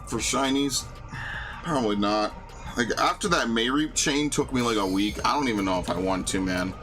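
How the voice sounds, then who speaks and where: A man's voice: medium pitch, moderate pace, a bit bright. A man streaming a video game, talking casually in a profane, grumbling, ranty way. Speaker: gaming streamer. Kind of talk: casual live-stream commentary. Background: game music.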